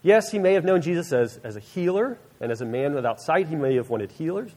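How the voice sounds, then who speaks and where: A man's voice: on the high side, animated, a little fast, darkish tone. A man preaching a sermon, retelling a Bible story earnestly and acting out its scenes. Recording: long reverb of a large hall.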